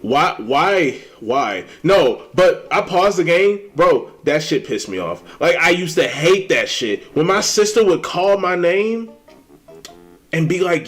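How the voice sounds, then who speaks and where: A young man chats loosely while he streams a game, his pitch swinging wide as he rants in exasperation. He swears freely and riffs on pet peeves. Game music plays clearly behind him. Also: takes it slowly. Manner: animated, swearing, exasperated ranting. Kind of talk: casual rant while gaming.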